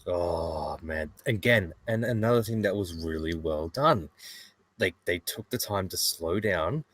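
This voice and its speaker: A man as a guest in a casual chat, relaxed and enthusiastic. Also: sits low, a little slow. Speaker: podcast guest.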